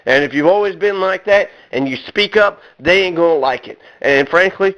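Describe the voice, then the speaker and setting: Heated, swearing man with a high-pitched voice. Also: normal speed, fairly bright tone, poor audio. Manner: blunt, profane and heated, with many fillers and restarts. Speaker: vlogger. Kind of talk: personal rant to camera.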